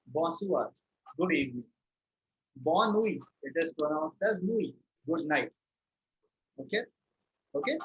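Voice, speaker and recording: A man teaching a live online French lesson, patiently repeating words slowly for his students. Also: a little high, expressive, muffled recording, a little hiss or hum.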